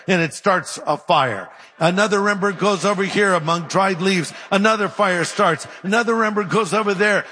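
Man, pastor, high bright voice, lively storytelling sermon, long hall reverb. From California. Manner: animated, humorous storytelling.

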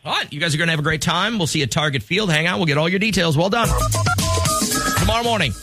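A man's voice: a little high, lively intonation, quick pace, pushed and bright, soft background music. Radio morning guy running a call-in trivia game, upbeat and jokey. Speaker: radio morning show host. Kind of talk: radio contest hosting.

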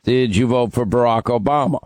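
A man's voice: medium pitch, brisk, a little mellow, no echo. A man hosting a call-in radio show, needling and arguing with a caller. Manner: combative, needling. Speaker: radio talk show host.

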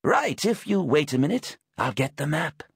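A man voicing a lean, frail man in his late sixties who is hard of hearing, with a croaky voice and a fussy, polite, rambling way of talking. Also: a little high, sing-song, moderate pace, no room sound, studio quality, voice pushed up, full character voice. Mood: genial. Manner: fussy, polite, rambling about old motorbikes. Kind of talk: audiobook narration.

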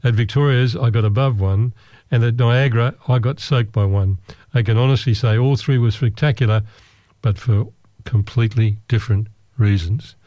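A man's voice: medium pitch, steady tone, normal speed, warm tone, no room sound, highs cut off. A man recounting a trip in casual storytelling, with wry, dry humour.

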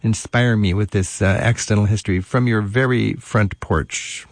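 A man hosting a radio travel show, interviewing a guest in an eager, halting way with many fillers. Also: lowish voice, steady tone, dry recording.

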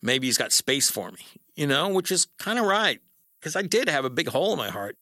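A middle-aged man telling a personal story in a wry, conversational way, with fillers and pauses. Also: a little high, big pitch swings, sharp tone.

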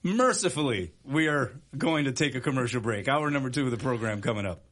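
A man's voice: mid-range voice, expressive, fairly quick, a bit bright. A man hosting a sports radio talk show, chatting casually and laughing often. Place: radio studio.

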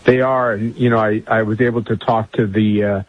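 A man giving a radio interview as a guest from a remote line, speaking earnestly and measured, with many fillers and restarts. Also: on the low side, flat delivery, no room sound. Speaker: guest, conservative group chairman. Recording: dry, dull remote line.

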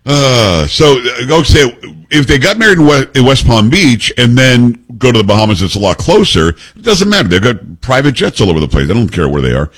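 A man's voice: mid-range voice, big pitch swings, a little fast, hardly any pauses, fairly bright tone. A man hosting a talk radio show, joking and teasing his co-hosts. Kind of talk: casual talk radio banter.

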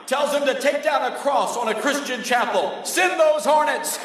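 A man preaching fervently, shouting his lines. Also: extremely high pitch, moderate pace. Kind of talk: fiery preaching. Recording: echoey hall, distant mic, crowd and noise.

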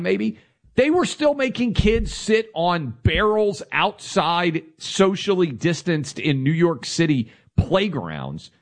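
A man co-hosting a political talk show, making an emphatic, steady argument. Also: a little high. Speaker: co-host. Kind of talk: political talk radio commentary.

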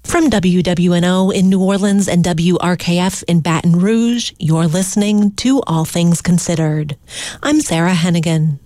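A woman radio news host reading a scripted introduction in a measured, formal way. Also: fairly low pitch, dark tone, soft background music.

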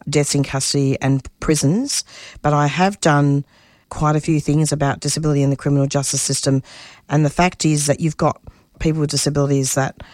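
A woman's voice: deep voice, a little mellow, no room sound, clean studio sound. A middle-aged woman from Australia, a community radio producer being interviewed, talking passionately with many restarts. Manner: passionate, restarts often, voice rises when stirred. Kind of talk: personal interview talk.

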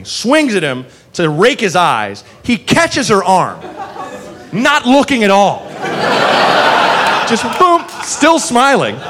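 Male stand-up comic, high voice, lively storytelling with crude asides. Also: background noise. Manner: animated, swearing, laughing asides. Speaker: stand-up comedian.

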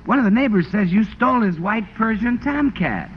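A brash, theatrical man performs as the show's announcer in a 1940s radio comedy. He boasts and blusters in a high, lively voice that swings widely. The sound is a dull, lo-fi old broadcast with heavy hiss. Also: normal speed.

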